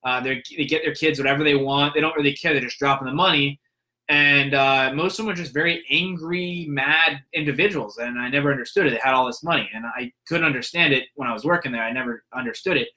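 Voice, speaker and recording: A man's voice: mid-range voice, fast, bright, forceful tone. A young man telling a story in a casual monologue, rambling with fillers and restarts and acting out the people he quotes.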